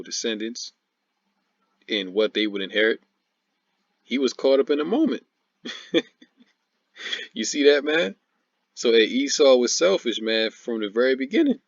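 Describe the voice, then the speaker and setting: A man's voice: medium pitch, no echo, lo-fi sound. A man giving informal preaching commentary, mocking and laughing often, repeating "man" and "all right" as he reads and explains scripture. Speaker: religious commentator.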